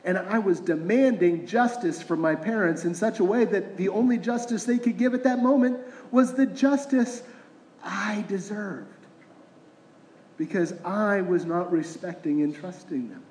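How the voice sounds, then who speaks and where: A man's voice: sits high, a little slow, darkish tone, a little hiss or hum. A middle-aged man, a pastor, preaching a conversational sermon full of rhetorical questions. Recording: roomy echoing hall.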